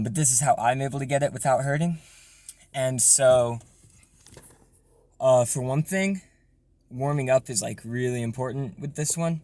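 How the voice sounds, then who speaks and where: A young man casually explaining a vocal technique in a relaxed, rambling way with lots of fillers. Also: mid-range voice, dry recording. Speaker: self-taught vocal tutorial maker.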